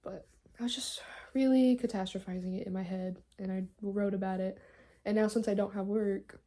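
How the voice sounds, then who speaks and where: A young woman rambles anxiously at home in a casual vlog. Her voice is mellow and fairly flat in pitch, and she talks at an ordinary woman's pitch. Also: moderate pace. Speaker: vlogger.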